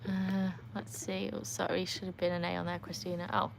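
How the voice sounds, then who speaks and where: A woman's voice: completely flat delivery, a little fast, vocal fry, a little hiss or hum. Chatty Welsh woman on a live stream. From North Wales. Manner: chatty, laughs often, talks to her dogs in a higher voice. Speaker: livestream host. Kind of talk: casual live-stream chat. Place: outdoors by a backyard pool. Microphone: phone.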